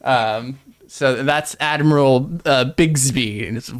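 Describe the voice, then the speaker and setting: A man's voice: medium pitch, takes it slowly. A man playing a tabletop game, narrating his character in the third person with light chuckles. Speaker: player.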